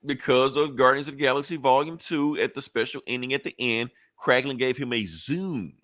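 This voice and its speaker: A man hosting a podcast in casual chat, profane and animated, laughing often and jumping high in pitch when worked up. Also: fairly quick, no echo, clean studio sound. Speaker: podcast host.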